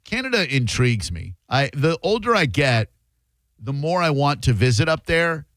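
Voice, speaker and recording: A man's voice: on the high side, very animated, moderate pace, a bit bright, dry recording. A man hosting a radio talk show, chatting in a joking, conversational way and taking calls. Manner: joking, conversational, reads aloud from phone. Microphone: studio microphone.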